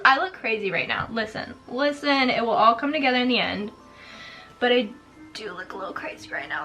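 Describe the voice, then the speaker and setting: A woman's voice: a little high, expressive, brisk, music in the background. A woman vlogger retelling a folk tale in a chatty, sarcastic way, full of "like" and "girl," while doing her makeup. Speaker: spooky lifestyle vlogger.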